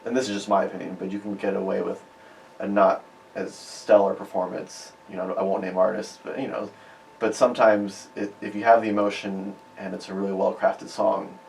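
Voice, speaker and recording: A man's voice: on the low side, flat delivery, moderate pace, gravelly. A man from Chicago, a musician guest chatting in a radio interview. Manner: chatty, rambling. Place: radio studio. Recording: roomy, distant mic with faint hiss.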